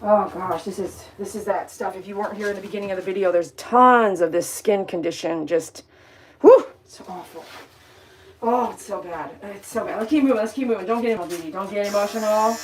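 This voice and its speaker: A woman's voice: mid-range voice, a little fast, slight background noise, low-quality recording. Chatty woman over buzzing clippers. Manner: chatty, blunt, talks to the dog and viewers. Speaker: dog groomer. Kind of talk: casual talk while grooming. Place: grooming room. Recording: clipper buzz behind the voice.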